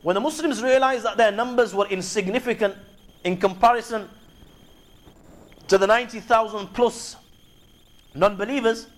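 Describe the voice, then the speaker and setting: A male preacher tells history in a measured sermon, adding Arabic honorifics throughout. His voice sits high for a man. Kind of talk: sermon retelling Islamic history.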